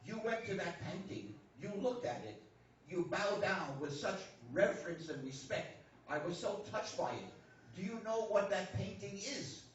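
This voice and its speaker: A man with a higher voice preaches through an interpreter, pausing after short phrases and playing both sides of a dialogue. He sounds far off in a big, booming church hall. The recording is dull and lo-fi with a faint background hum. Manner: animated storyteller, acting out dialogue. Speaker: guest speaker. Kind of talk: sermon storytelling with translation. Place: church sanctuary.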